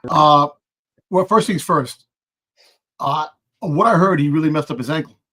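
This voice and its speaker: A man's voice: fairly high pitch, a little slow, bright, forceful tone. Rambling, hesitant male co-host. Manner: rambling, lots of fillers, searches for words. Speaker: podcast co-host. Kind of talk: casual live-stream chat.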